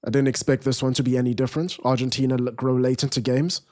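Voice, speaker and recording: A young man hosting a live football watchalong, reading viewer chat aloud and giving casual commentary in a relaxed, rambling way. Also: mid-range voice, fast talker. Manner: relaxed, rambling, restarts sentences.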